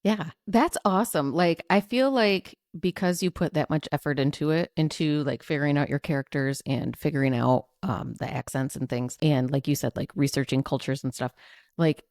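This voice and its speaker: A woman's voice: low-pitched, moderate pace, darkish tone, no room sound, studio quality. A woman from Michigan hosting a podcast, gushing and giggly, full of fillers. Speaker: podcast host. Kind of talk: casual interview chat.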